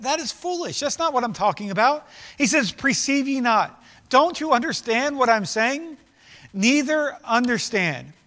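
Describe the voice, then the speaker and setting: A male pastor preaching with fervent emphasis, often slipping into quoted voices. His voice sits high and sounds bright and forceful. It carries through a church sanctuary with a long, ringing reverb. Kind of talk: sermon.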